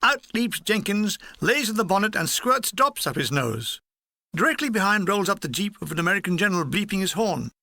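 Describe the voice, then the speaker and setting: A man reading his own war memoir aloud in a dry, wry, deadpan manner. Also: sits high, brisk, creaky, no echo. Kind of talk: audiobook reading.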